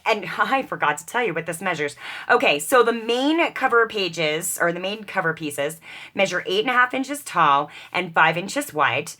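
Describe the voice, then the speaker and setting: A woman talks viewers through a craft project in an easy, rambling way, often laughing at her own mess. Her voice sits a little low but sounds bright and forward. She slips in a playful put-on British accent. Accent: mock British put-on. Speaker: crafting video host. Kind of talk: casual crafting chat while working.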